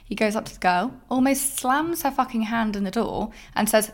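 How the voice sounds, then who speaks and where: Young woman, podcast host, storytelling, candid, sweary, expressive. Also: a little high, moderate pace, hardly any pauses.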